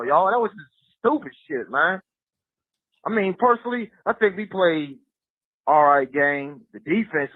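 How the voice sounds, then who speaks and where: A man's voice: a little high, no echo. Heated caller, man, profane sports rant, tinny phone line, dry. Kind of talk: angry fan call-in rant.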